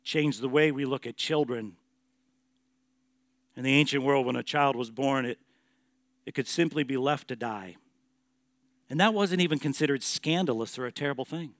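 A man preaching a sermon as a pastor, emphatic, moving between hushed and loud passages. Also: mid-range voice, moderate pace, pauses often, dry recording, clean studio sound.

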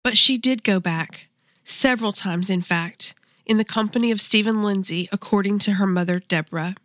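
A woman hosting and narrating in a measured, dramatic way. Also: mid-range voice, a bit bright, no echo. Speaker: host. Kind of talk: interviewing and scripted narration.

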